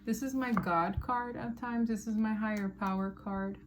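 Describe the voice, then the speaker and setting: A woman's voice: mid-range voice, steady tone, normal speed, background noise. Chatty woman reading tarot cards. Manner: chatty, emphatic, uses slang. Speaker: tarot reader. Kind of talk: casual tarot reading to viewers.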